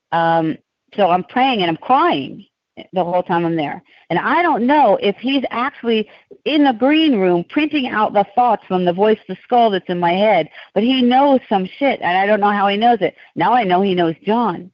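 A woman's voice: medium pitch, no room sound. Woman telling rambling stories, lo-fi podcast. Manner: rambling, animated, digressive storytelling. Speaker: podcast guest. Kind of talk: casual podcast storytelling.

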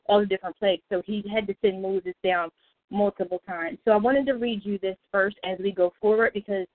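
A woman's voice: medium pitch, steady tone, a little fast, no room sound. Woman running a prayer call, chatty and laughy, sounds like a phone line. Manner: chatty, laughs often, self-interrupting. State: out of breath. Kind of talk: casual Bible study talk.

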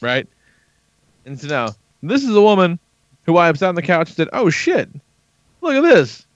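Profane, animated man telling a story. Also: high voice, moderate pace, no room sound. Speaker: podcast host. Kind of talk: casual chat, storytelling. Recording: dull lo-fi podcast audio.

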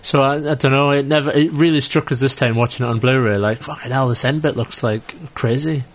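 A man's voice: medium pitch, steady tone, brisk. A man, co-hosting a casual film podcast and rambling with many restarts. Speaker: podcast co-host.

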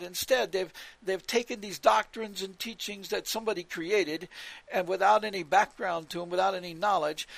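A man preaching with a high, gravelly voice and a dry, close sound. He talks emphatically, presses his points again and again, and rattles off scripture verses. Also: a bit bright, no room sound. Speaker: religious radio teacher.

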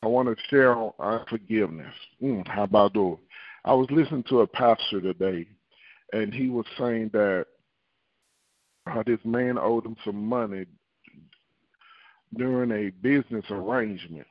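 A man's voice: on the low side, moderate pace, pauses often, no room sound. Fervent preaching man on a dull line. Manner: fervent, repetitive prayer with tongues. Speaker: prophet and preacher. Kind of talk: prayer and sermon on a phone line.

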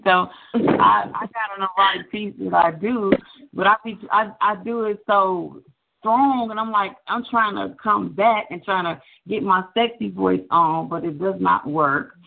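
An excitable caller praises another poet in lively, casual talk, with laughter and exclamations. The voice is gravelly and sits in the middle range. It comes through a thin phone line. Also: medium pitch. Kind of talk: casual chat.

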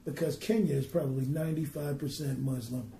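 A man's voice: mid-range voice, steady tone, gravelly, warm tone. Earnest male minister in an echoey room. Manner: tells a story earnestly, then reads scripture slowly and emphatically. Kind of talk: preaching and storytelling on a podcast.

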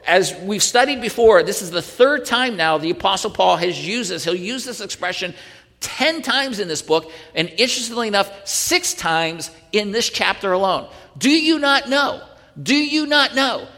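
Male pastor, slightly high voice, earnest sermon full of rhetorical questions, recorded with a long hall echo. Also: expressive, normal speed, sharp tone.

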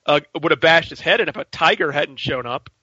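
A man co-hosting a podcast, with a bright, forceful voice pitched a little high. He talks in an animated way, and the audio is dull and lo-fi. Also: a little fast, no room sound. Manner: animated, acts out scenes in shouted voices. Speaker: podcast co-host. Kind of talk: casual chat.

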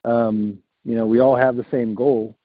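A man's voice: medium pitch, level tone, moderate pace, no room sound. Reassuring man on a tinny call. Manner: reassuring, rambling with fillers. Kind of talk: casual group call. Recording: tinny phone-like call audio.

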